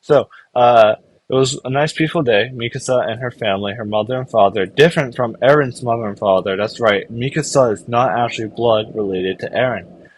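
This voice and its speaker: Recorded dry, a man with a mid-range voice talks fairly quickly as he goes over anime episodes. He's a reviewer whose loose, rambling recap is crammed with filler words, especially "like," plus quick impressions of the characters.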